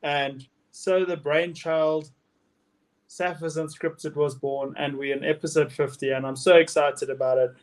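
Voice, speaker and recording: A man's voice: on the high side, fairly even intonation, unhurried. A South African man co-hosting a casual podcast, blunt and rambling. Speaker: podcast co-host. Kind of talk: casual chat.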